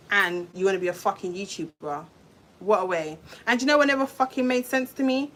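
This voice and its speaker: A woman's voice: medium pitch, fairly bright tone, slight background noise. A young woman with a London accent, venting heatedly in a storytime vlog and swearing often. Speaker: vlogger. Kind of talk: emotional storytime rant.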